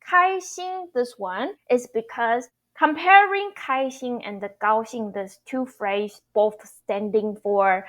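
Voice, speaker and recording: Young female tutor, native Mandarin speaker, higher voice, unhurried, chatty explainer who repeats phrases. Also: fairly bright tone. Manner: explains slowly with frequent fillers and repeats phrases for practice. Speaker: language teacher. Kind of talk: casual online language lesson.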